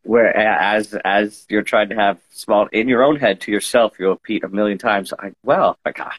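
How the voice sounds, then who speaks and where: A man's voice: on the low side, fairly even intonation, normal speed, low-quality recording. A joking, self-deprecating man hosting a casual chat over a live stream, suffering from hay fever. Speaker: host. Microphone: Instagram Live stream.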